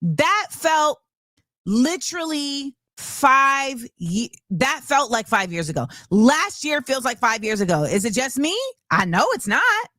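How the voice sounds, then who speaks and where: A woman hosting a casual commentary show, animated and chatty with lots of fillers. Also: high-pitched, slow pace, no room sound, studio quality. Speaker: show host.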